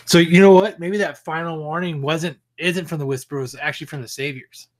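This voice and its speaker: A man's voice: a little high, steady tone, brisk. A man co-hosting a fan podcast, chatting casually, swearing freely and often trailing off mid-thought. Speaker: podcast co-host.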